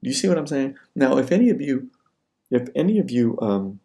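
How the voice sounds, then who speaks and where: A man's voice: mid-range voice, very animated, a little fast, warm tone. A man giving a casual classroom lecture, talking conversationally and acting out everyday scenarios. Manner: conversational, acts out scenarios in quoted voices.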